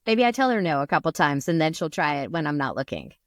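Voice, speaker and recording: A woman's voice: low voice, big pitch swings, fast, no echo, clean studio sound. A woman co-hosting a podcast, chatting playfully, quoting films and swearing casually. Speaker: podcast co-host. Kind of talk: casual chat.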